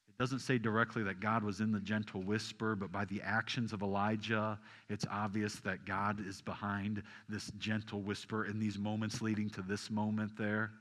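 A man preaching a sermon to a congregation, asking them questions and swinging from loud emphasis down to soft, hushed lines. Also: lowish voice, big-room sound. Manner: animated, rising loud for emphasis then dropping soft. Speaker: pastor.

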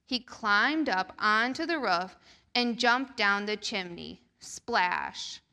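A woman reading a picture book aloud to children during a church service, slow and expressive. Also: medium pitch. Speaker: children's storyteller.

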